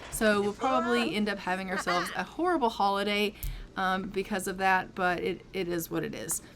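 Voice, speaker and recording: A woman's voice: medium pitch, moderate pace, a bit bright, a little hiss or hum. A woman casually narrating her gameplay in a chatty, rambling way with frequent ums. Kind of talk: casual let's-play narration.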